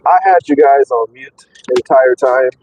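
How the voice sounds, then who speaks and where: Rambling truck driver on a live stream. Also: male voice, medium pitch, normal speed, a little hiss or hum, low-quality recording. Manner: rambling, excitable, lots of fillers and repeats. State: out of breath. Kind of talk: casual live-stream chat. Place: in and around a truck.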